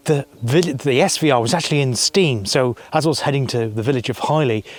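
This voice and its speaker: A man narrating a casual travel vlog outdoors by a lake, chatty and rambling, often correcting himself mid-sentence. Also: mid-range voice. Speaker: travel vlogger.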